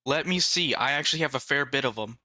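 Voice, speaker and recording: A player in a tabletop game, talking in a playful, excitable way. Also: medium pitch, quick pace, no room sound.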